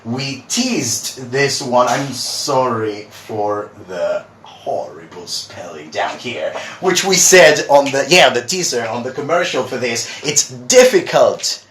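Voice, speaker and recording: A man's voice: medium pitch, expressive, slow, few pauses, fairly bright tone, a little hiss or hum. Chatty man teaching pronunciation live. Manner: chatty, reads viewer comments aloud. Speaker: English teacher. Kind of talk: live-streamed pronunciation lesson. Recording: echoey room.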